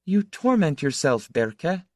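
A man reading aloud and voicing a proud, hurt, sharp-tongued young woman in a raised voice. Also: on the high side, big pitch swings, slow, no echo, clean studio sound, voice pushed up. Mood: cutting.

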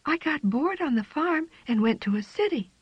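A woman voicing a plucky young female black cat with wings, in a high, eager voice, on a dry, slightly dull storybook recording. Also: lively intonation, normal speed, no room sound. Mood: earnest.

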